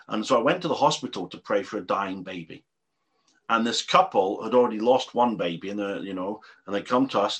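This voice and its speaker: A middle-aged man preaching a sermon as a pastor, telling stories animatedly and dropping from loud to hushed. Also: lowish voice.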